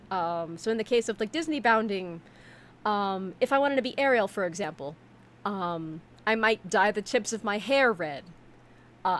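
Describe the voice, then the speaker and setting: A woman streamer in casual chat, telling stories in an animated way with many fillers and restarts, talking from her home setup. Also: medium pitch.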